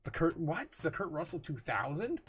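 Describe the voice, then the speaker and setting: A man hosting a casual livestream, reading viewer comments aloud, laughing often and getting excited, full of drawn-out fillers. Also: on the high side, soft background music. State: tipsy, recovering from a night of drinking. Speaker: livestream host.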